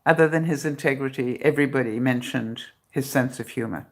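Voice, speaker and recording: Low-voiced chatty woman livestreaming. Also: a little fast. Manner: chatty, laughs often, sarcastic humor. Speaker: vlogger hosting a live broadcast. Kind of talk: casual live-stream chat. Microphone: phone.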